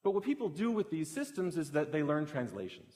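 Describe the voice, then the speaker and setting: A fairly high-voiced young man delivers a talk as a vivid story. He builds up energy and enthusiasm as the tale climbs to its peak, and his delivery stays conversational and expressive throughout. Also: fairly quick. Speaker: speaker giving a talk.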